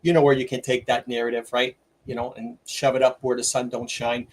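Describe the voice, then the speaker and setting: Man, middle-aged, livestream host, excitable rambling rant, mid-pitched voice. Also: fairly quick, a little hiss or hum. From Canada. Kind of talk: opinionated livestream commentary.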